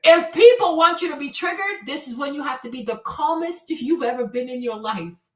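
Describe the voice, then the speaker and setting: A woman's voice: high-pitched, expressive, normal speed, reverberant, distant mic. A woman hosting a livestream, handing out blunt relationship advice in a brash, profane, mocking way. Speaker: livestream host.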